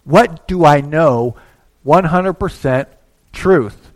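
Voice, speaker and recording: A pastor preaches a sermon in a church, speaking conversationally and acting out small asides while shifting between quiet and loud. His voice sits fairly high and he talks slowly.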